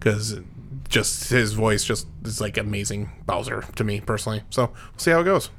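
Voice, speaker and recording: Lowish-voiced guy on a podcast, kinda hesitant, slight hiss behind him. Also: expressive, moderate pace, gravelly, a bit bright. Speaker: podcast panelist. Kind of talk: casual pop-culture chat.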